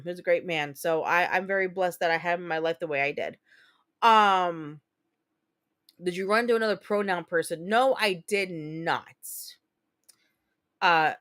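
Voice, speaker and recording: A woman in her thirties hosting a casual livestream chat, talking candidly and profanely as she tells stories and answers viewer comments. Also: fairly low pitch. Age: 30s. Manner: candid, profane, chatty storyteller. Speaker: livestream host.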